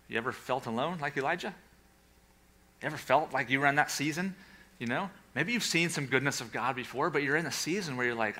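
A man preaching a sermon to a congregation and an online audience, animated, with sarcastic asides and hushed, quiet passages. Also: medium pitch, brisk. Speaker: pastor. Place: church with a livestream audience.

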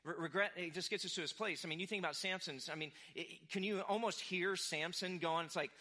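A man's voice: high voice, brisk. A young adult man preaching a sermon, talking casually and acting out quoted voices as he tells the story. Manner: animated, acts out quoted voices. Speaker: pastor.

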